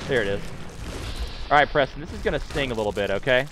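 Streaming a game, a man with a medium-pitched voice talks fast and animatedly over a noisy background. He chats playfully with viewers, reading their messages aloud and answering them in casual commentary.

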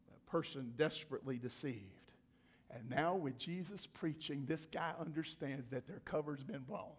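A male pastor preaching a sermon in church, emphatic and repetitive, swinging from loud to hushed. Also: high voice.

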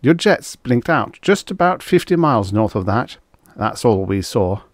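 A man voicing a gruff, impatient male colonel who barks orders loudly in a vintage science fiction audiobook. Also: mid-range voice, very animated, measured pace, no room sound, studio quality. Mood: urgent. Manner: loud, barking, commanding.

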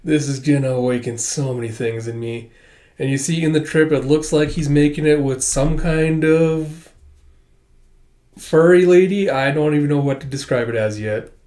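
A man doing a casual, excitable and crude read-along commentary of a comic. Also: a little high, normal speed. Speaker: comic reader.

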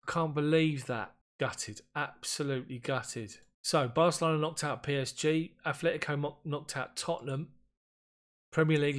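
Excitable man commentating a game. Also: medium pitch. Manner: excitable, frustrated, groans at missed chances. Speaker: gaming YouTuber.

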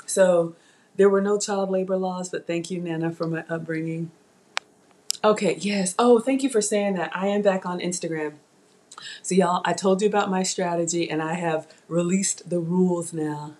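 A woman's voice: on the low side, steady tone, moderate pace, darkish tone. A young woman from Ghana with a light Southern US accent, hosting a chatty live cooking stream and talking straight to her viewers through a tablet mic. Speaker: cooking channel host.

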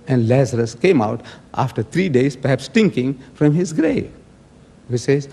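A man's voice: medium pitch, expressive, normal speed, vocal fry, mellow. A man giving an emphatic, argumentative debate speech and acting out the words he quotes. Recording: long hall reverb.

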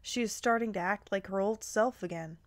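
A woman reading as a calm fatherly man. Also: mid-range voice, fairly quick, lightly acted. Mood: reassuring. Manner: calm, reassuring.

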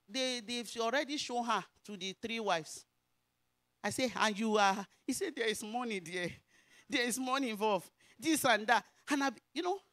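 A woman's voice: a little high, a bit bright, dry recording, clean studio sound. A woman pastor with a Nigerian Yoruba accent, telling a personal testimony in a sermon and rising into emphatic preaching.

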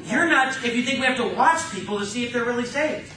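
A man preaching a fervent sermon in a church, reading scripture slowly and mocking opposing views in quick asides. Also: extremely high pitch, bright, forceful tone, slight background noise. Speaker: pastor. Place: church sanctuary. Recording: echoey church room, mic far off.

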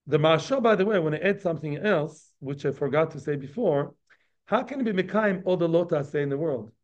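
A man with a fairly high voice teaches a daily Talmud class. He talks conversationally and checks in with his listeners through quick tag questions. The recording sounds muffled and lo-fi. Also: expressive.

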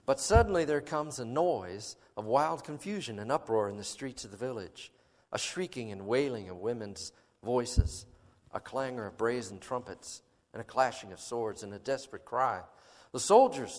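A man's voice: mid-range voice, big-room sound. A man preaching a sermon, reading a story aloud with dramatic, emphatic delivery and filler words between passages. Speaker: pastor.

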